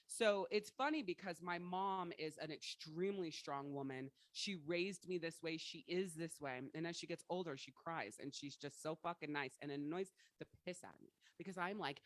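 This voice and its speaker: A woman life coach hosting a livestream, telling personal stories in a blunt, profane, forceful way. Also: sits low, normal speed, hardly any pauses, dry recording. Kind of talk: candid motivational livestream talk.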